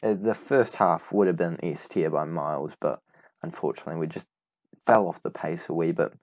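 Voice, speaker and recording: Here a gaming YouTuber, a young man with a low, slightly mellow voice, talks through a football management game at a moderate clip. The audio is dry, with no room sound, and his commentary is casual, excited, meandering, and full of self-corrections.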